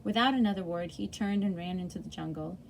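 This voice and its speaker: Woman reading a kids' chapter book out loud, friendly, trips over words and fixes them. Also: fairly low pitch, fast talker, creaky, slight background noise. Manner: friendly, with frequent small slips and self-corrections.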